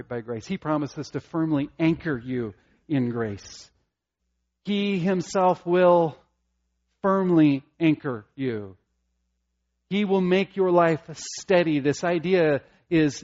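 A middle-aged pastor preaches a sermon earnestly and emphatically, rising to passionate peaks and dropping into soft, intimate asides. His voice is a little high, and the sound is lo-fi.

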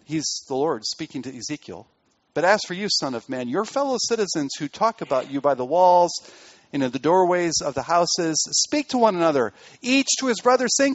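A man preaching a sermon in an earnest way, building to emphatic peaks and then dropping to quiet asides. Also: sits high, no echo, highs cut off. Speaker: pastor.

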